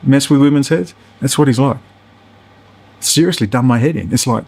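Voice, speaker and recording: Aussie guy ranting hard, middle-aged, lots of swearing and sarcasm, normal pitch. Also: lively intonation, brisk, darkish tone, slightly rough. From Australia. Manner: profane, heated, sarcastic. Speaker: political commentator. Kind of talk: ranting monologue.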